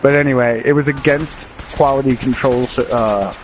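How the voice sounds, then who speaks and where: A man's voice: mid-range voice, steady tone, moderate pace, a little hiss or hum. A man chatting casually while streaming a video game. He tells rambling stories and chuckles often. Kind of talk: casual chat while gaming. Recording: game gunfire clearly heard behind. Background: video game gunfire and explosions.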